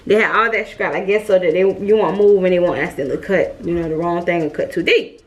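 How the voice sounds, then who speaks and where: A mom vlogger with a lowish voice talks fast as she straightens her hair, casually sharing a personal story directly with her viewers. She's chatty and uses lots of fillers.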